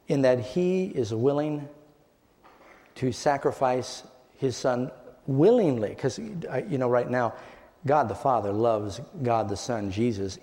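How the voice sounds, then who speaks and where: A man preaching a sermon, telling a story dramatically, his voice rising high and dropping to a hush. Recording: long hall reverb.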